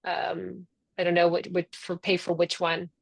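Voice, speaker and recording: A founder leads a casual membership webinar on a video call, her manner chatty, upbeat and encouraging. Her voice, though, is low, monotone and gravelly with a slight roughness, and she speaks at a measured pace.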